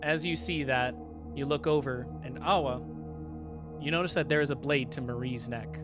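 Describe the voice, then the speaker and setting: A man's voice: mid-range voice, moderate pace, over music. A man narrating as dungeon master in a casual, filler-heavy way. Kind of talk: narrating a tabletop game.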